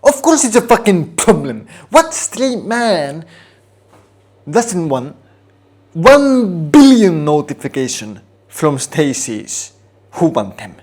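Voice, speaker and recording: A man with a fairly high voice rants to camera in a comic vlog. He takes his time over every line and stretches out his words. He swears constantly and plays up fake outrage and smug irony. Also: big pitch swings, slow pace, a little mellow. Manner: mock-outraged, profane, over-the-top ironic delivery. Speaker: vlogger. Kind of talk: comedic rant to camera.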